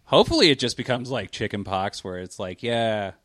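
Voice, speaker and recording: A man's voice: lowish voice, sing-song, fairly quick, fairly bright tone, no room sound, studio quality. A young adult man co-hosting a casual chat from home, joking, rambling and laughing often. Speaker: podcast co-host.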